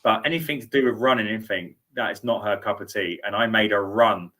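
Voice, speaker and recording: A man's voice: fairly low pitch, a little fast, bright, forceful tone, slight background noise. A middle-aged man hosting a sports show, chatting casually and repeating words as he thinks aloud. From United Kingdom. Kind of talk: casual studio interview chat.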